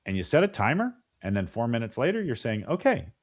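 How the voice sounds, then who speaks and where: A man's voice: medium pitch, big pitch swings, fast talker. A middle-aged man in a casual interview, talking animatedly with frequent restarts and acting out voices of parents and kids. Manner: frequent restarts and repeated words. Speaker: podcast guest.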